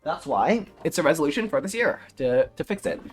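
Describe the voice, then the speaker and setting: A man's voice: on the high side, animated, a little fast, breathy edge, faint music behind. A young man streaming live, chatting casually in a rambling, self-mocking way and laughing often. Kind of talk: casual livestream chat.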